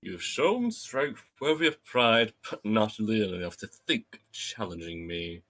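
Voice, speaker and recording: A man's voice: on the low side, lively intonation, fairly bright tone, pitched below the performer's own voice. A man putting on a lofty fire archfiend. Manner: slow, lofty, theatrical delivery. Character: haughty male fire archfiend, proud and courtly. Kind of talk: live game dub over cutscenes.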